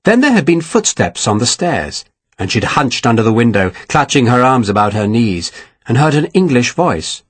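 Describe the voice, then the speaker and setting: A man narrating an audiobook with a dramatic, expressive reading. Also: medium pitch, normal speed, dry recording. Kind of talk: scripted narration.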